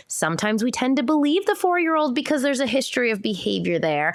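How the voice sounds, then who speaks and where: A woman in her thirties hosting a podcast, talking in a casual, explanatory way with lots of "like" and lively quoted voices. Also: mid-range voice, no room sound, studio quality. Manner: animated, quick shifts into acted-out quotes; chatty, filler "like" and restarts. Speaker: podcast host.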